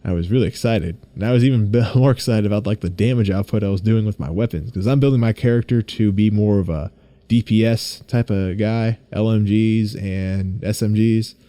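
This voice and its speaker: A young man hosting his own podcast, chatting casually and excitably, rambling and swearing freely. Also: lowish voice, fairly quick, no room sound. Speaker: podcast host. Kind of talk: casual solo podcast chat.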